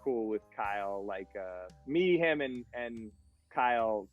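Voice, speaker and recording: A man's voice: on the low side, lively intonation, slow, dull audio, faint music behind. A man, a guest DJ, telling stories in a rambling, casual way, filling his speech with "like". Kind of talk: casual storytelling.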